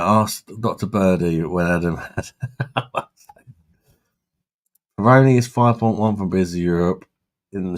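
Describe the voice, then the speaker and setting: A man hosting a casual live stream, chatting with viewers in a blunt, sweary way and laughing often. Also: lowish voice. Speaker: livestream host reading chat.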